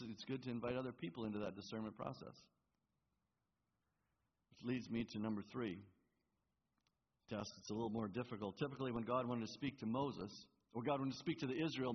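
In a church hall, a male pastor earnestly delivers a sermon, stammering and repeating words as he pushes his point. He has a mid-range, slightly rough voice, captured in a muffled, reverberant hall recording.

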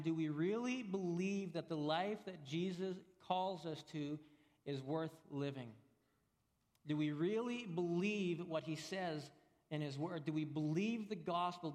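A pastor delivers an earnest sermon, hammering key points through repetition. His voice sits high for a man. The sound carries a long reverb through a large church hall. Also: darkish tone.

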